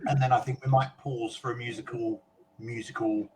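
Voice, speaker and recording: A man's voice: mid-range voice, little pitch movement, normal speed, background noise. A man from the UK co-hosting a casual web chat show, reading out viewer comments in a chatty way with fillers and small asides.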